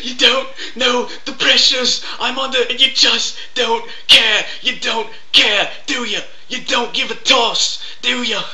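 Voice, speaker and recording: A shrill, pompous, whiny vlogger. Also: male voice, steady tone, measured pace, hardly any pauses, pushed and bright, full character voice. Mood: whining. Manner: pompous, then shrill and whining. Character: mocking impression of a smug, whiny male vlogger. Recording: echoey, dull lo-fi room.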